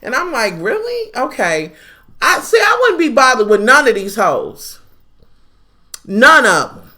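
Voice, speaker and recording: A woman's voice: a little high, very animated, a little slow, bright, forceful tone. A woman giving a blunt, profane, sassy recap of a reality TV episode. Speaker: TV recap vlogger. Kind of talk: casual reality-TV review.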